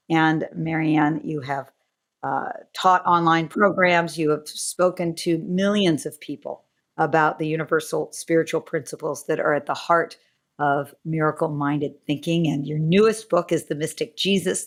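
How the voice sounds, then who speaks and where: A middle-aged woman hosting a podcast interview, effusive and gushing with praise. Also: low voice. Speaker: podcast host.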